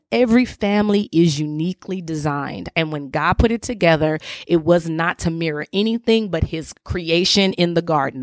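A woman's voice: fairly low pitch, dry recording, studio quality. A woman hosting a faith-based talk show, giving direct, emphatic advice to wives in an informal, preachy way. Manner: informal, addresses listeners as y'all. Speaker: podcast host.

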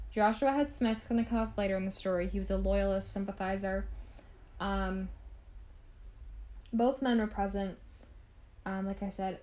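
A woman's voice: medium pitch, a little mellow. A woman hosting a podcast, telling a history story in a chatty, casual way with asides to the listener. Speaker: podcast host.

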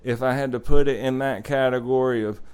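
A man's voice: mid-range voice, fairly even intonation, brisk, darkish tone, smooth. A man hosting a casual podcast and introducing songs, rambling and enthusiastic, with lots of fillers and casual swearing. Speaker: podcast host. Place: North Carolina.

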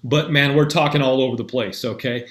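A man's voice: medium pitch, brisk. Storytelling man in an echoey room. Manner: relaxed, anecdotal, with frequent fillers. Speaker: guest, mental performance coach. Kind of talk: conversational storytelling.

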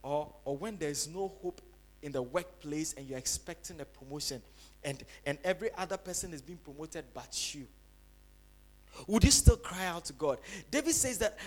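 A man preaching a sermon as pastor, swinging between loud cries and quiet, dropped-voice asides to the congregation. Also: fairly high pitch, animated, moderate pace. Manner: preaching with dramatic rises to shouting and drops to soft asides.

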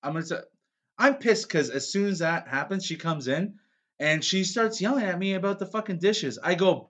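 A man's voice: high-pitched, moderate pace, a bit bright. A man, a podcast co-host, telling crude stories in casual, mock-defensive chat.

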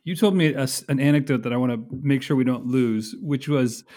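A male host interviews a guest. He speaks at a medium pitch in a friendly, relaxed voice, prompting stories and reacting with easy laughter. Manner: friendly, steering questions, quick to laugh. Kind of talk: conversational interview.

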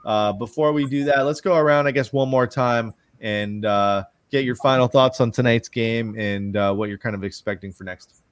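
A man hosting a casual hockey chat, relaxed and talkative with plenty of fillers. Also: mid-range voice, moderate pace, clean tone, dry recording. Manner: relaxed, chatty, many fillers. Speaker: host of a hockey stream.

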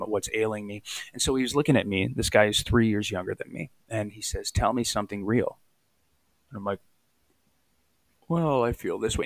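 Casting note: man, low voice, raw and earnest storyteller, dry close sound. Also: dry recording. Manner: earnest, raw, swears casually. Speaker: podcast guest in recovery. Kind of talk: candid storytelling chat.

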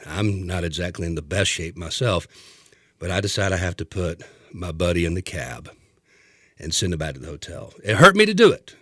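A man telling a comic story in an animated way, acting out the voices of the people in it. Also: deep voice, moderate pace, husky, dry recording, studio quality. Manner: animated, acts out voices, laughs a lot.

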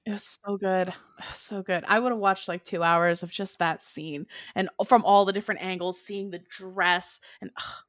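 A woman chatting casually about a movie, animated and opinionated, laughing often. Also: medium pitch, moderate pace, dry recording, clean studio sound. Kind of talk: casual movie review chat.

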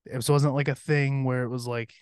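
A man's voice: medium pitch, level tone, brisk, a little mellow, smooth, dry recording, studio quality. A young man hosting a podcast, telling a rambling, profanity-laced story from his teen years and laughing along. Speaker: podcast host. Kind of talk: casual storytelling.

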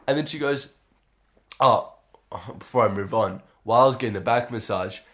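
A young man in his late teens, a podcast host, telling a story in an animated way and acting out his own reactions. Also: medium pitch, normal speed. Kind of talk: casual storytelling.

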